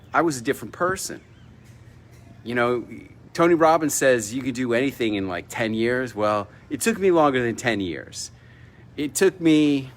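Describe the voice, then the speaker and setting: Animated middle-aged man telling a story. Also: mid-range voice. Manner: animated storyteller, acts out quoted dialogue. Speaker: vlog host. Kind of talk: casual storytelling vlog. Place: home in Mexico.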